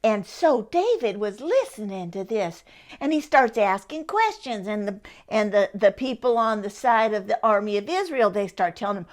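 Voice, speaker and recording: An older woman, telling a Bible story for children in a homespun, animated way. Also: on the high side, moderate pace. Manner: homespun, animated, acts out the characters.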